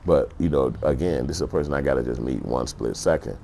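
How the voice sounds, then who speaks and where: Deep gravelly dude vlogging, blunt and cussing a lot, faint noise behind. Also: male voice, fast talker, warm tone. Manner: profane, blunt, acts out other people's voices. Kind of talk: casual storytelling commentary.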